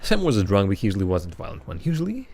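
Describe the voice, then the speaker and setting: A man voicing a calm, matter-of-fact male troll bouncer. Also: fairly low pitch, rapid-fire, vocal fry, pitched below the performer's own voice, full character voice.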